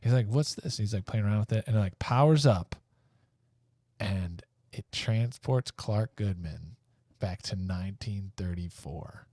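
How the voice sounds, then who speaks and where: A man with a fairly low voice tells a comic story on a podcast, rambling and acting out each character's lines as he goes. The sound is dry and close to the mic. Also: a little slow, dark tone, no echo. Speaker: podcast co-host. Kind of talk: casual comedic storytelling.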